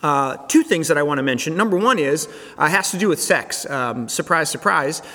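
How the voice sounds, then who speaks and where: A man gives a relaxed, chatty sermon as pastor, his voice sitting a little high. He talks casually, often stopping and restarting his phrases. A long reverb trails behind every word. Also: moderate pace. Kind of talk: conversational sermon.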